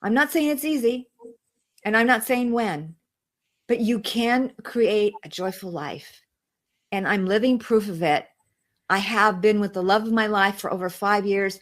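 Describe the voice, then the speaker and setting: A woman's voice: medium pitch, unhurried. Earnest woman telling her story. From outside the United States. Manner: earnest, repeats phrases for emphasis. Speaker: interview guest. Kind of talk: emotional personal testimony.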